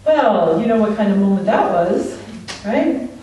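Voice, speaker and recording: A woman's voice: medium pitch, unhurried. A woman giving a conversational sermon at a church, telling stories and laughing often. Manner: storytelling, animated, laughs often. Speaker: speaker at a church service. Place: church sanctuary. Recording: distant mic in an echoey room.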